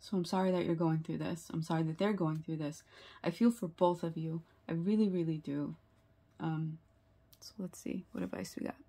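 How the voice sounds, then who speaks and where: Woman tarot reader, earnest and sympathetic; low, gravelly voice. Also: steady tone, moderate pace, dark tone. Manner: earnest and sympathetic, many fillers and rhetorical "right?". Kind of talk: tarot reading video.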